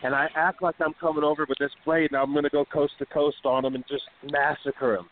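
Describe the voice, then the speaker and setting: With a slightly high voice, flat delivery and quick pace, the host of a wrestling radio program tells a rambling, profane story from backstage, heavy on fillers. It comes through a thin phone line with light hiss.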